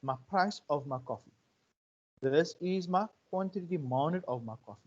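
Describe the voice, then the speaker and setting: A man's voice: on the high side, expressive, moderate pace. Man lecturing, muffled audio. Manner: conversational, checks in with 'right?' and 'okay?'. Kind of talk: online economics lecture.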